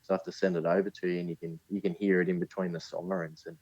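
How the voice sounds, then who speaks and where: A man's voice: low voice, level tone, racing, darkish tone, dry recording, lo-fi sound. An Australian man, a podcast guest, telling a rambling story in a casual way and full of "like" fillers.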